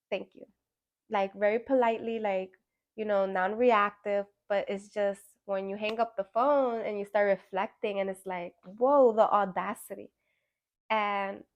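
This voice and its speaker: A woman with a middle-range voice leads a full moon ritual in a casual, reflective tone. She talks loosely, with plenty of "like" and "right?", and livens up when she tells a story. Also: medium pitch. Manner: conversational, many fillers and tag questions; animated storytelling with acted-out quotes. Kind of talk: casual reflective spiritual talk.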